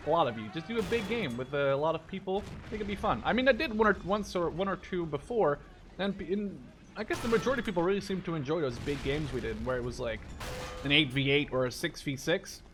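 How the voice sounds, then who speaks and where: A man's voice: fairly high pitch, animated, fast talker, fairly bright tone. Chatty young man rambling over gameplay. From Netherlands. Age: 20s. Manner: rambling, chatty, swears casually. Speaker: gaming YouTuber. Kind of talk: casual gameplay commentary. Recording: faint game noise and artillery behind.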